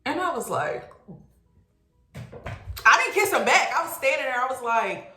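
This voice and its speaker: A young adult woman telling a casual storytime, animated and exclaiming, swearing freely. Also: high-pitched, a little slow, soft background music. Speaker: vlogger. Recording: roomy echo.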